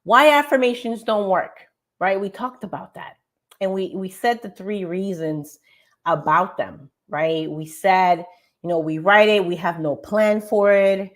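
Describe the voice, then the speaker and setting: A woman hosting a morning show, giving an emphatic, animated motivational talk over slides and speaking straight to her audience. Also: medium pitch, a little slow. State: tired.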